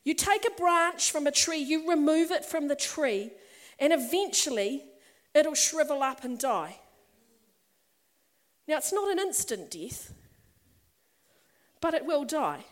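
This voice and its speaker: Middle-aged female preacher, high voice, warm-chatty storytelling that swells into emphatic appeals. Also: very animated, slow pace, long pauses. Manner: conversational and personal, building to emphatic passages. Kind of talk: sermon. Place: church or meeting hall with a congregation.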